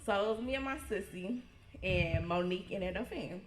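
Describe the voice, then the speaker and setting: A woman, telling a funny story at a birthday party, lively and laughing. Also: mid-range voice, moderate pace. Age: 20s. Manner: lively, laughing, acts out quotes. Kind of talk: storytelling toast. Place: party hall, indoors. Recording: echoey room.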